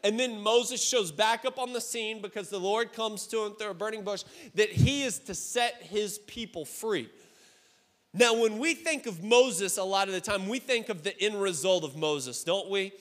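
A man, a high school pastor, giving a youth sermon in a casual, conversational way and asking his listeners direct questions. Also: normal speed, fairly bright tone, long reverb tail.

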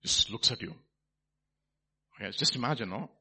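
Husky-voiced fervent preacher. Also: male voice, mid-range voice, lively intonation, normal speed. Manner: swings from quiet musing to loud fervent preaching. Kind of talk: sermon.

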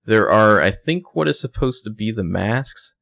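A man with a very low, gravelly voice, talking casually on a podcast. He tosses out theories about a show and hedges them with fillers as he goes. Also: animated, normal speed, fairly bright tone. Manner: chatty, speculative, hedging with fillers. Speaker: podcast co-host. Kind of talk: casual recap chat.

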